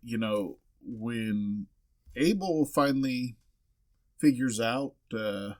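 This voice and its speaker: A man co-hosting a podcast, talking in a relaxed, reflective way and drawing on his own life. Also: medium pitch, takes it slowly, dry recording. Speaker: podcast co-host. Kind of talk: casual chat.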